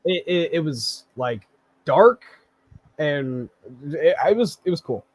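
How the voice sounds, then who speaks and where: A man's voice: fairly high pitch, animated, takes it slowly, over a noisy crowd. A man hosting a podcast in casual chat, easygoing and agreeable, with many short replies. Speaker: podcast host.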